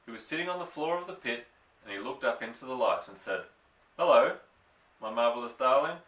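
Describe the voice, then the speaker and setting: A man narrating a children's story aloud, expressive and slowing for suspense. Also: medium pitch, far from the mic. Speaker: audiobook reader. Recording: roomy, off-mic.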